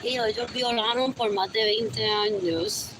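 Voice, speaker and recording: High-pitched woman muttering on a noisy stream. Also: steady tone, moderate pace. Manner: repetitive, muttering, drifts between English and Spanish. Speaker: livestreamer. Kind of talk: rambling live stream monologue.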